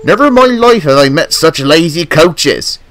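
A man's voice: on the low side, animated, moderate pace, bright, forceful tone, no room sound. A man voicing a grumpy old tank engine who scolds in a stern, firm way. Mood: exasperated.

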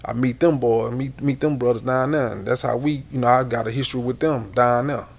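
Gravelly Houston man telling stories. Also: medium pitch, fairly even intonation, brisk. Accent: Houston Southern. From Houston, Texas. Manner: rambling, repeats words, swears a lot. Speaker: interview guest, rapper. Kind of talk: casual storytelling interview.

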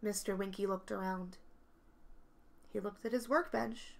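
A woman reading a picture book aloud to children, expressive and stopping to ask the listeners questions. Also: medium pitch, a little slow, gravelly. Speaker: children's story reader.

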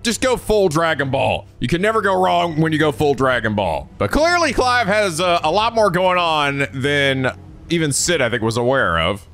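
Excitable man with a lively, high voice. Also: moderate pace. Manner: excitable, swearing, jokey recaps with shouted outbursts. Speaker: let's play host. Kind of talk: energetic gameplay commentary.

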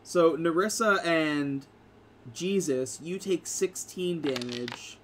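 A man's voice: on the high side, slow. A man narrating as game master of a tabletop game, rambling with many fillers and restarts. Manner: rambling, full of "like" and "uh".

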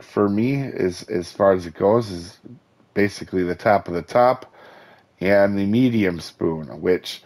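Guy with a hoarse voice doing a chill game rundown, lots of uhs and restarts, mid-pitch. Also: a little mellow. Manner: chatty and enthusiastic, with many fillers and restarts. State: hoarse, losing his voice. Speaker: gaming channel host. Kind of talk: casual game guide commentary.

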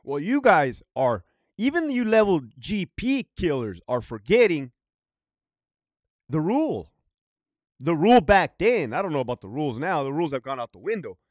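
A man's voice: on the high side, sing-song, moderate pace, no room sound, clean studio sound. A man, a former prison guard, telling stories in a casual, profane, emphatic way, often checking in with "right?". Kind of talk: casual storytelling monologue.

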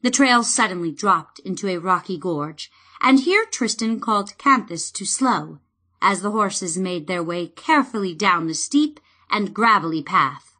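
A woman narrating a fantasy novel in a measured, expressive way. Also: mid-range voice. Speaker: audiobook narrator.

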